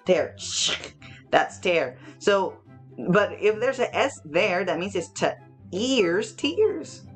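A young woman teaching children English, chatting brightly through a phonics lesson and a home kitchen demo. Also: mid-range voice, very animated, slow, soft background music. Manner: bubbly, chatty, talks straight to children.

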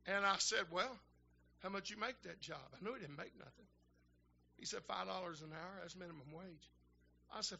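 An older man, a minister telling folksy stories in a sermon that build to shouting fervor. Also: high voice, normal speed, vocal fry, long pauses, lo-fi sound, a little hiss or hum. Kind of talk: storytelling sermon.

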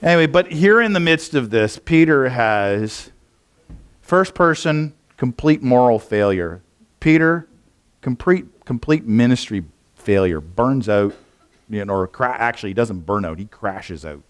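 A male pastor delivers a sermon in church, his medium-pitched voice clear and resonant, expressive and measured in pace. He preaches casually, rambling conversationally with frequent fillers and restarts.

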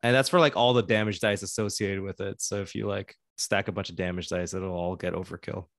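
A man's voice: deep voice, fairly even intonation, brisk, no echo, studio quality. A man playing a tabletop game who explains the rules to another player, using filler words as he goes.

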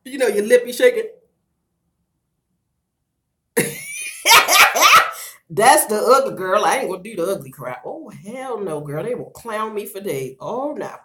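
A middle-aged woman chatting on a casual livestream, loud and playful, breaking into laughter and talking straight to her viewers while she does her hair at home. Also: medium pitch, brisk, few pauses, a little hiss or hum. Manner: slangy and animated, talks straight to viewers. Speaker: vlogger doing a livestream.

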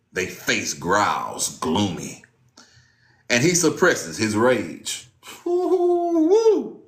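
Animated low-voiced man preaching in an echoey room. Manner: animated, swinging from loud exclamations to low muttering; casual slangy talk. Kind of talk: informal sermon with scripture reading.

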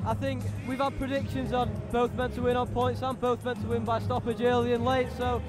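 Measured man analysing a fight. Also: extremely high pitch. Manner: measured, even-handed analysis. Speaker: boxing commentator. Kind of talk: broadcast analysis. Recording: arena music and crowd behind.

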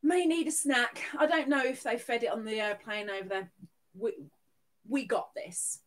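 A woman's voice: fairly high pitch, expressive, normal speed. A woman hosting a live stream, gushing affectionately as she reads out viewers' names and thanks them. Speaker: livestream host.

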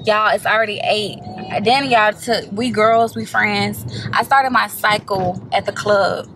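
A woman vlogger telling a story to the camera in a casual, animated way, swearing freely and calling her viewers y'all. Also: medium pitch, normal speed, background noise. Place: inside a parked car.

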